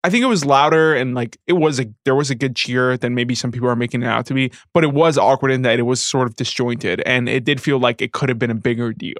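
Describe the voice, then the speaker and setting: A male co-host recounting what he saw, halting and hunting for his words, with plenty of fillers. His voice is mid-pitched and recorded dry and close. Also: dry recording. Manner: halting, searching for words, many "like"s. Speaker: podcast co-host. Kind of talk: casual sports chat.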